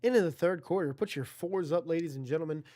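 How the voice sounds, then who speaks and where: Speaking fast in a fairly high but dark-toned voice, a man calls the action of an online video game football league. His commentary is casual and chatty, he corrects himself, talks to his chat, and gets louder on big plays.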